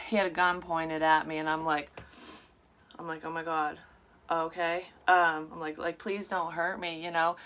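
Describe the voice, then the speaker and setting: Profane, rambling woman telling a dream. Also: on the low side. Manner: animated, profane, rambling storytelling. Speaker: psychic medium vlogger. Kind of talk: casual storytelling of a dream. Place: her room at a tarot table.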